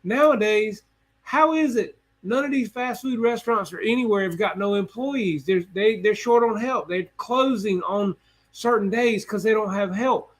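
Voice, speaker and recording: Folksy middle-aged man with a higher voice. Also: moderate pace. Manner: plainspoken, folksy, retells conversations with asides to viewers. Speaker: host of a live hobby stream. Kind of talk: casual storytelling chat.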